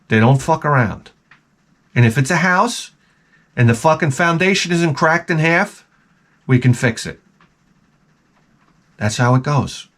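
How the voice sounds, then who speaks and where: A man who installs closets, telling a profane, animated story in a casual rant and acting out the people in it. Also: mid-range voice.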